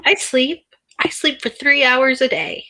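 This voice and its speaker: A woman's voice: high voice, a little slow, sharp tone, pitched above the performer's own voice. A woman voicing a bratty, childish young queen who talks in a demanding, indignant way.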